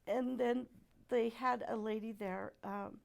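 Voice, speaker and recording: A middle-aged woman giving a personal testimony at church, speaking softly and haltingly with many pauses. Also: on the high side, steady tone, gravelly. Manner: halting and soft-spoken, many pauses and fillers.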